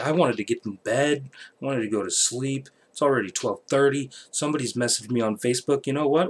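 A man talks to his viewers late at night, wandering from topic to topic. He jokes and swears freely in a relaxed, offhand way. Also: medium pitch. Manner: rambling, profane, joking. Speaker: channel host. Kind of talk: rambling late-night channel update.

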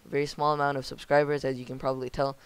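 Young guy walking through a game build tutorial, flat monotone, gravelly, smooth clear voice. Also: mid-range voice, rapid-fire, no echo. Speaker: channel host.

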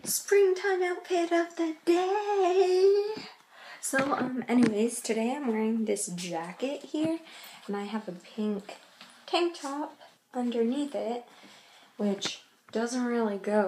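High-voiced young woman vlogging casually. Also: unhurried, a little mellow, a little hiss or hum. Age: young adult. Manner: chatty, rambling, filler-heavy. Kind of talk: casual vlog talk to camera.

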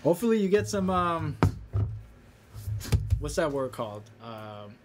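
A man's voice: on the high side, big pitch swings, a little slow, music in the background. A man from Massachusetts, a filmmaker guest, chatting casually, joking and stumbling a little over his words. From Massachusetts, USA. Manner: loose, joking, slightly stumbling. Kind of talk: casual interview chat.

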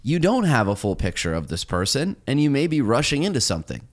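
Podcast host: man, expressive, wide-ranging delivery, mid pitch, advice-giving storyteller. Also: quick pace. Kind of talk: casual podcast conversation.

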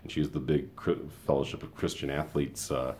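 A man in his fifties with an extremely deep, low voice talks through a casual opinion monologue. He rambles from story to aside in an easy, conversational way, with a faint hiss of noise behind him. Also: level tone, moderate pace, a little mellow. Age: 50s. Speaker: school paraprofessional and show host.

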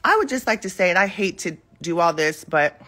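Her lowish voice is expressive and sharp-toned as this forties-aged vlogger talks briskly to viewers in a casual morning live chat from home. She speaks into a handheld phone and rambles with many ums.

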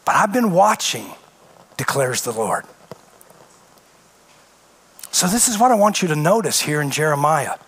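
Male pastor, high voice, emphatic sermon delivery with rhetorical questions. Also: big pitch swings, a little slow, pauses often, a bit bright, breathy edge.

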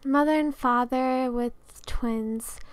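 Giggly, high-voiced young woman rambling casually. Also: steady tone, slow pace, clean tone, no echo. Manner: chatty, rambling, giggly, many fillers. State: out of breath. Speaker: Sims builder and video creator. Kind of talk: casual voice-over commentary.

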